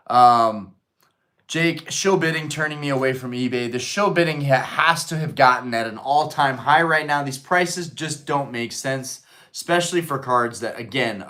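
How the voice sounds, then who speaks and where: Man, live stream host, casual chat, rambling, filler words, mid-pitched voice. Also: pushed and bright. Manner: rambling, lots of fillers, reads and answers chat.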